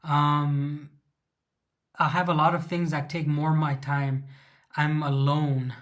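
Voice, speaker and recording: Slow and flat, with a voice on the high side, a Chicano English-accented man from Southern California runs a casual livestream Q&A from Russia. He wanders as he takes viewers' questions, breaking off to restart sentences amid frequent ums.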